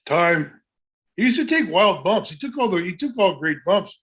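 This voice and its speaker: A man's voice: high-pitched, sing-song, a little fast, a bit bright, breathy edge. Rambling older man telling wrestling stories. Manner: rambling, full of restarts and "you know". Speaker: podcast co-host and former wrestler. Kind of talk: casual storytelling chat.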